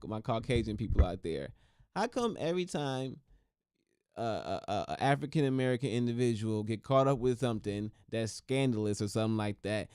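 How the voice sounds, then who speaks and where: A man hosting a podcast, giving casual commentary in an animated, joking and slangy way, often repeating himself for effect. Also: mid-range voice, clean tone, dry recording, studio quality. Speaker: podcast host.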